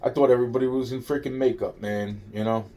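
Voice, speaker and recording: Rambling male vlogger, mellow low-toned voice, profane, full of restarts and quoted back-and-forth. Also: steady tone, fast. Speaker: vlogger telling a personal story. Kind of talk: rambling first-person storytelling.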